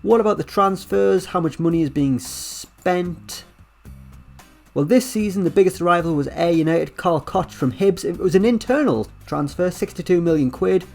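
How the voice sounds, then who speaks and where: A man's voice: high-pitched, normal speed, creaky, soft background music. Chatty man commenting on gameplay. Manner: chatty, wry asides, lively ups and downs. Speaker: gaming YouTuber.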